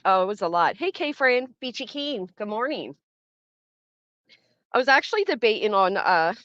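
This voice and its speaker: A woman's voice: medium pitch, dry recording. Chatty woman streamer greeting viewers. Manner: chatty, greets viewers by name while reading chat. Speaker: livestream host. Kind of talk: casual livestream chat. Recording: dull dry sound.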